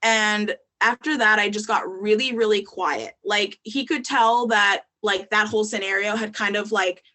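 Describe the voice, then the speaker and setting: A woman's voice: medium pitch, fairly even intonation, normal speed, hardly any pauses, pushed and bright. A young adult woman, a podcast guest, telling her story in candid casual talk, with frequent ums and likes.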